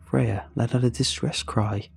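A man tells a first-person horror tale in a measured, scripted delivery. His voice is dark and husky, and faint music runs underneath. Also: mid-range voice, fairly even intonation. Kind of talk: scripted horror story narration.

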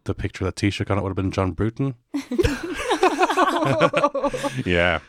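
A man's voice: mid-range voice, wildly swooping pitch, takes it slowly, a bit bright, dry recording, studio quality. A middle-aged man with an Irish accent hosting a podcast in casual chat, talking in loose, restarting sentences. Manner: chatty, laughs often, restarts sentences. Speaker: podcast host. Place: studio.

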